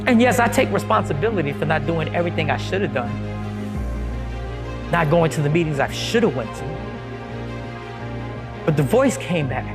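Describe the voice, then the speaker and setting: Guy doing a standup bit, high voice that swings all over, faint music under it. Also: normal speed, pauses often. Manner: animated, mocking voices of others. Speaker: comedian. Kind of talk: stand-up style monologue.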